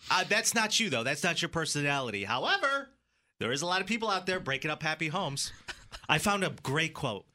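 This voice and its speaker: Bright, lively man radio co-host. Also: on the high side. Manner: playful, quick jokes. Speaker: radio morning show co-host. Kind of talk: casual radio banter.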